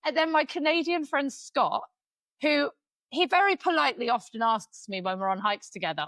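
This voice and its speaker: A woman's voice: sits high, lively intonation, moderate pace, a bit bright, dry recording. A woman in her forties co-hosting a podcast, telling stories in casual chat and swearing freely. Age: 40s. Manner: chatty storyteller, swears freely. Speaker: podcast co-host.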